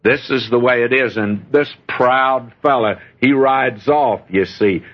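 A man preaching a sermon, telling stories in a folksy way with lively rises and falls in pitch. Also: takes it slowly. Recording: dull lo-fi recording.

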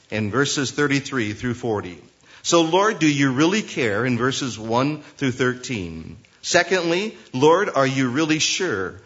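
A man's voice: medium pitch, fairly bright tone, muffled recording. A man preaching a sermon, reading Bible verses aloud and voicing prayers as questions to God. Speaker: pastor.

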